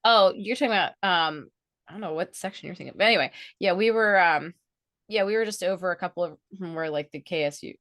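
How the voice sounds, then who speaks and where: A woman's voice: on the low side, fast, a bit bright, dry recording, studio quality. A woman co-hosting a podcast, chatty and agreeable in casual talk. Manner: chatty, agreeable, often laughing. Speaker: podcast co-host. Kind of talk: casual chat.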